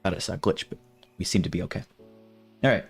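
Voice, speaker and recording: A man's voice: low voice, fast talker, vocal fry, husky, soft background music. A man chatting casually on a live stream, rambling and restarting his sentences. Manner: rambling and self-interrupting, breaking off to test impressions.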